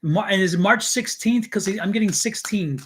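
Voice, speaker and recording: A man's voice: high voice, normal speed, a bit bright, a little hiss or hum. A man doing a live psychic reading, searching for impressions and thinking aloud in broken fragments. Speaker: psychic tarot reader.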